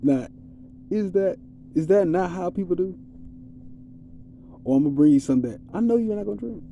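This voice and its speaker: A man's voice: high voice, expressive, normal speed, vocal fry, dark tone, a little hiss or hum. A man giving a rambling, streetwise spiritual monologue in a casual, preachy way. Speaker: vlogger.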